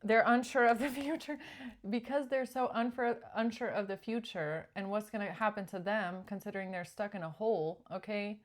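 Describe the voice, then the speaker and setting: A woman's voice: medium pitch, normal speed. A woman doing a casual tarot reading, chatty and acting out pleading quotes along the way. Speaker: tarot reader.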